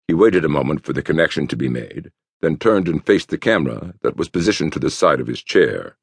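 Brief: gravelly narrator with lively, rolling delivery, dry close-miked studio read. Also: male voice, rumbling low, moderate pace, no echo. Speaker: audiobook narrator. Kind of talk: scripted narration.

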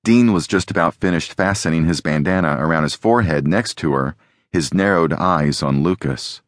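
A man reading a novel aloud as an audiobook narrator, in a steady, even storytelling manner. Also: a bass voice, normal speed, no echo, clean studio sound.

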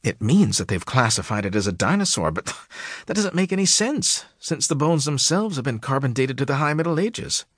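A male audiobook narrator voicing a nervous woman scientist who speaks quietly and hesitantly. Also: medium pitch, sing-song, fairly quick, slightly rough, dry recording, studio quality, pitched above the performer's own voice. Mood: uneasy. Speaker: storybook character in an audiobook.

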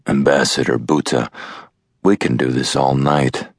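A man reading as a hardened operative who stays calm and deadpan. The delivery is slow and extremely deep, with a gravelly edge. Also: no room sound, clean studio sound, full character voice. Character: hardened male American operative, calm, dry-humored.

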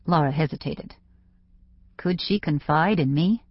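A woman's voice: lowish voice, lively intonation, a little slow, dry recording. A woman narrating a novel in first person, with wry conversational storytelling. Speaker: audiobook narrator. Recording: dry, slightly dull studio audio.

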